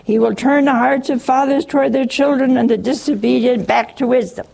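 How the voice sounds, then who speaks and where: A woman's voice: sits high, steady tone, a little fast, vocal fry, a little mellow, breathy edge. A woman preaching on scripture in a chatty, teasing way, acting out quotes and chuckling often. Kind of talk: humorous scripture teaching.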